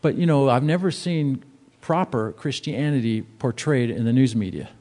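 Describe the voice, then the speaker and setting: Man preaching, mellow voice. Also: medium pitch, normal speed. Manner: conversational preaching, emphatic and animated. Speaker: pastor. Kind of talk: sermon.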